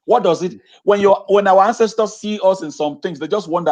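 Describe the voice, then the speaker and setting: A man's voice: high-pitched, a little fast, a little mellow. Emphatic man repeating his points. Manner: emphatic, repeats phrases, rhetorical questions. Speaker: interview guest, educator. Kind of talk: impassioned talk on a video call.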